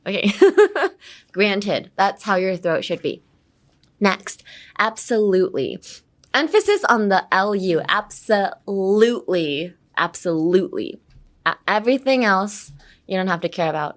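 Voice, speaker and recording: A young woman from California, teaching English pronunciation in a bubbly way and switching between English and Japanese. She uses lots of "um" and "like" fillers. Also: mid-range voice. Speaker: podcast English teacher and idol. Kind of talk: casual English pronunciation lesson.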